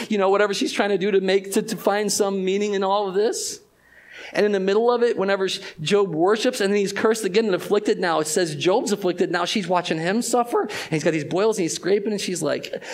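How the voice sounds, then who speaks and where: Man preaching a conversational sermon. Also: high voice. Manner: conversational preaching, swings between loud emphasis and hushed, drawn-out phrases. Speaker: pastor.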